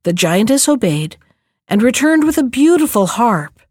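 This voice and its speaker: Woman storybook narrator, raised pitch, measured, dry close mic. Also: very animated, darkish tone, dry recording.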